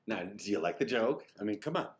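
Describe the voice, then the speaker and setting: Lively-voiced male streamer, talks himself through the work close on the mic. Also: on the low side, a little fast, husky. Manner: chatty, talks to himself as he works. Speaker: video creator and host. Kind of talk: live-stream commentary while editing. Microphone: headphones on, mouth close to the mic.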